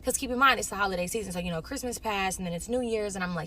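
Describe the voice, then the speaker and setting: A young woman from Los Angeles, telling a casual storytime monologue in an animated way, acting out the other people in her story. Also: mid-range voice, racing, few pauses, slight background noise. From Los Angeles, California.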